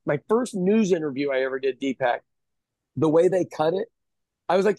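A man's voice: a little high, lively intonation, normal speed, pauses often, dark tone, no room sound. A man, a chef, telling candid, self-deprecating stories in a casual podcast chat. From Kansas City area, USA.

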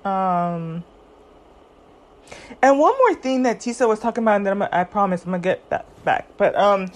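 A chatty woman talking at an everyday pitch and hosting a casual commentary show. She rambles, piles on fillers and keeps correcting herself mid-sentence as she talks things over with her listeners. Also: lively intonation, normal speed. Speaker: podcast host. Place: at home, eating snacks.

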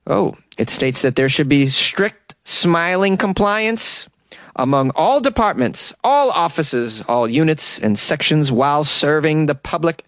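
A man's voice: mid-range voice, dry recording, clean studio sound. A man hosting a casual comedic news commentary show, reading stories and cracking wry jokes, laughing at his own asides and stumbling over foreign names.

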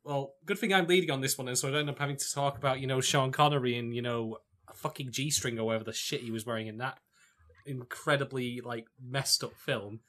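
A man hosting a casual podcast, teasing and animated, who swears freely. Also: medium pitch, quick pace. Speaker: podcast host.

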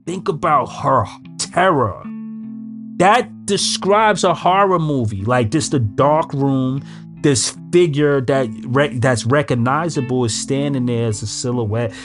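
A man's voice: medium pitch, unhurried. A man giving blunt, emphatic recovery advice in casual street slang. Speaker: recovery speaker. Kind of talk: casual motivational talk. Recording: music in background. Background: guitar music.

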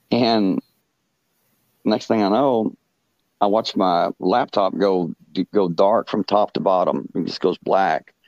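Deep-voiced man telling a halting story. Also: darkish tone, no echo, highs cut off. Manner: halting, full of "you know" fillers and restarts. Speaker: podcast guest. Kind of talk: casual storytelling.

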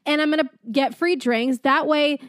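A woman's voice: sits high, fairly even intonation, moderate pace, fairly bright tone, dry recording, studio quality. A young woman in her twenties co-hosting a casual podcast chat, talkative and teasing, with lots of filler words. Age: 20s. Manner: chatty, frequent "like" fillers, teasing. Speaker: podcast co-host.

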